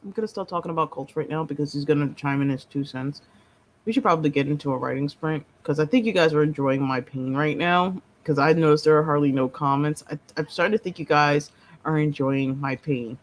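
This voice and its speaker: A woman hosting a writing-sprint livestream, talking casually with a low, somewhat monotone voice and playfully dramatic banter. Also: brisk, slight background noise, low-quality recording. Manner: playfully dramatic, teasing banter with chat and partner.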